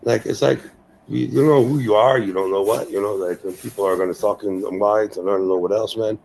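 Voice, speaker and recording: A hoarse man rambling and swearing in a casual livestream chat, dropping "man, you know" everywhere. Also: on the low side, fairly even intonation, a little fast, a little mellow, slight background noise, poor audio.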